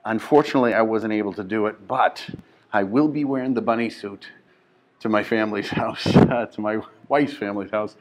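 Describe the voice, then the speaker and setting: Hushed, low-voiced male host rambling. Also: brisk. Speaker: comedian and show host. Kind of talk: casual chat. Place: club lobby during a show.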